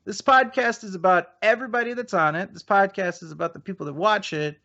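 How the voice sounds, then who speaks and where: Man, podcast host, high voice, mocking, needling, heated debate, muffled audio. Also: fast talker, sharp tone. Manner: mocking, needling, with hesitant restarts.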